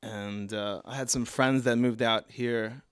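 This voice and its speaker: A man's voice: medium pitch, steady tone, measured pace, smooth. A man in his thirties with a Baltimore accent, telling stories as a podcast guest in a loose, rambling way with lots of fillers. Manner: rambling, laid-back storytelling with many fillers and laughs. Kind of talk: casual podcast chat.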